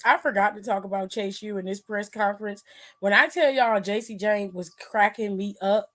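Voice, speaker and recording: A woman co-hosting a casual wrestling chat, animated and slangy, laughing often. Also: medium pitch, normal speed. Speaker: co-host.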